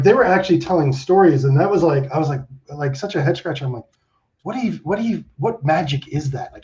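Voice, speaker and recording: A man around fifty telling stories as an interview guest, animated and swearing, acting out the people he quotes. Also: fairly high pitch. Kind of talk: casual interview storytelling. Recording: dull lo-fi sound.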